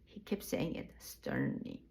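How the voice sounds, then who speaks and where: A woman casually telling her own birth story, candid and plainspoken, with loose, halting phrasing and laughs at herself. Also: a little mellow, rough recording.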